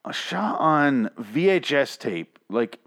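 A man reviewing a TV episode in a fast, profane, exasperated rant that rambles from point to point. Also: mid-range voice, big pitch swings, a bit bright. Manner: speaks quickly.

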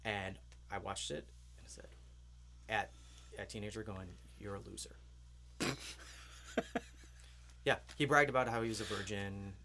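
A man's voice: on the low side, a little slow, long pauses, crowd noise. A man co-hosting a podcast, reviewing a movie in casual chat, jokey and prone to mimicking voices. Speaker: podcast co-host.

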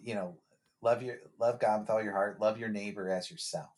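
A man's voice: lowish voice, fairly even intonation, moderate pace, a little mellow. A man who works as a therapist, a guest on a podcast, speaking in a reflective, conversational way with frequent restarts and repeated words.

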